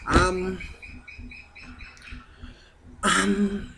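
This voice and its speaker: A man's voice: high-pitched, level tone, very slow, creaky, pushed and bright, a little hiss or hum. A man vlogging in a blunt, candid way, speaking straight to his viewers. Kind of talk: casual talk to camera.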